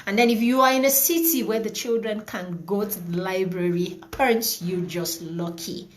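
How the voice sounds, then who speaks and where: A woman's voice: mid-range voice, steady tone, moderate pace. Chatty woman hosting an online class. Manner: chatty, greets viewers by name, repeats words. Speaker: parenting class host. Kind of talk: live online class wrap-up.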